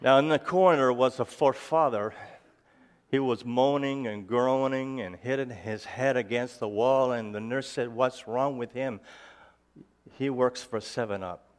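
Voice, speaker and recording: A man speaks to a live audience in a mid-pitched voice. His speech is halting and slightly slurred, broken by fillers and restarts as he tells jokes and stories. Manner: hesitant, with frequent restarts and fillers; jokey storytelling. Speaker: ministry founder giving a talk. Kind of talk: personal talk to a live audience.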